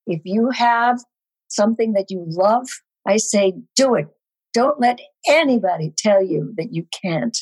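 An older woman, a guest actress, telling animated stories on a podcast with a husky voice. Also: mid-range voice, a little slow, low-quality recording. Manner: animated storyteller. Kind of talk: podcast storytelling.

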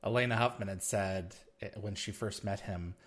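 Bright-voiced man hosting an interview. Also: lowish voice, normal speed. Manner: enthusiastic, asks questions, brief affirmations. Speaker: podcast host. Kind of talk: casual interview.

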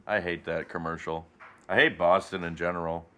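A man's voice: deep voice, steady tone, takes it slowly, sharp tone. Sarcastic, joking male podcast co-host. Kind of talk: casual chat.

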